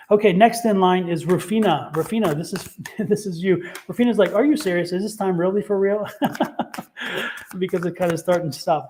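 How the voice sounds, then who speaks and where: Male tarot reader on a livestream: enthusiastic, rambling, slightly high-pitched, faint background noise. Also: a little mellow. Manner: enthusiastic, rambling, laughs often.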